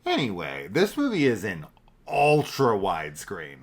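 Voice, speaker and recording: Deep-voiced man rambling through a movie chat. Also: huge pitch swings, a little slow. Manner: rambling, filler-heavy, thinks aloud. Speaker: podcast co-host. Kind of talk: casual movie review chat.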